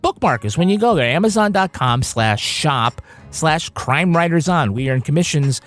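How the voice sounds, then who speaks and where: A man's voice: a little high, moderate pace, faint music behind. A man co-hosting a podcast, joking around and reading ads in a playful, casual way. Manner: jokey, playful, lively delivery. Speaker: podcast co-host. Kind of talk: casual banter and ad reads.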